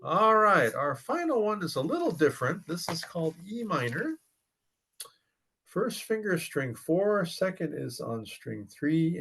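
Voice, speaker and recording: A man's voice: on the high side, creaky, slight background noise, rough recording. A man teaching a ukulele class, patiently counting beats aloud while he plays. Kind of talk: ukulele lesson. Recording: loud ukulele under voice. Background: ukulele strumming.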